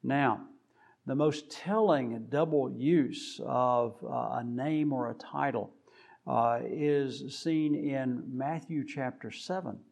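A man delivers a sermon in a gravelly, creaky voice of middling pitch. He speaks deliberately, pausing often to gather his words, then lifts his voice with force on the key points. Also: darkish tone. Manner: deliberate, with frequent "uh" pauses. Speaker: preacher.

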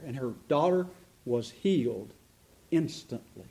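A middle-aged pastor preaches in a fairly high, light voice. He is earnest and emphatic, slows down to stress key lines, and asks the listeners rhetorical questions. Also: lively intonation, a little mellow. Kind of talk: sermon.

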